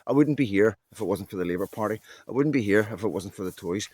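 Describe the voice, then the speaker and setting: A Northern Irish vlogger in his fifties talks bluntly and candidly to camera on a muddy walk, rambling from one story to another in a casual monologue. His voice is lowish, darkish in tone, and slightly rough, and he speaks quickly and with animation.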